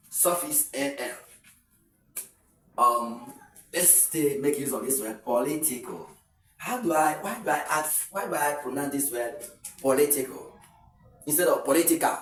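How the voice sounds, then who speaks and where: A man's voice: medium pitch, animated, moderate pace, fairly bright tone, reverberant, far from the mic, rough recording. A man with a Nigerian accent teaching an exam lesson, explaining step by step and repeating key points. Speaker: exam tutor. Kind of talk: video lesson.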